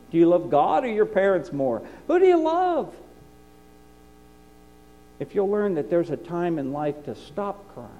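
A man preaching a sermon, climbing into impassioned high peaks and then dropping low and quiet. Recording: dull lo-fi recording with mains hum.

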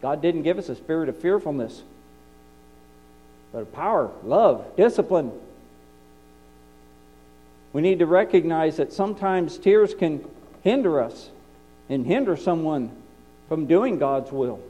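A man preaching a sermon, climbing into impassioned high peaks and then dropping low and quiet. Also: animated, measured pace, pauses often. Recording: dull lo-fi recording with mains hum.

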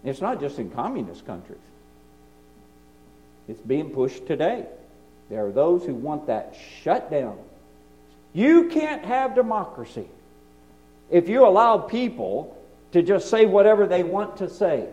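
A man delivers a sermon in a high, animated voice that climbs and falls widely. His tone is mellow rather than bright, and he moves between forceful emphasis and quiet, hushed asides. The recording sounds dull and lo-fi. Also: a little slow, long pauses. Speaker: preacher.

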